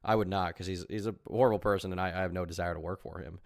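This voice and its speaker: A man with a fairly low voice talks quickly through live-stream reaction commentary. He rambles and argues, leaning on fillers, and the sound is dry and close. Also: fairly even intonation, gravelly, dry recording. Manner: rambling, filler-heavy, argumentative.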